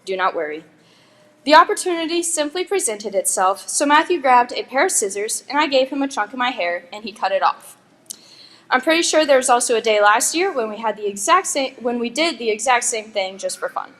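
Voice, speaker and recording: A woman's voice: on the high side, expressive, a little fast, fairly bright tone. A young woman, a graduating valedictorian, giving a chatty, joking commencement speech with giggling asides. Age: young adult. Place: school graduation ceremony.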